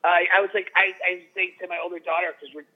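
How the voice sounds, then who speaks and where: A man's voice: high voice, little pitch movement, very fast. A middle-aged man and father co-hosting a podcast, chatting casually in a rambling, self-interrupting, profane way. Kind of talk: casual comedic chat. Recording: tinny phone-line audio.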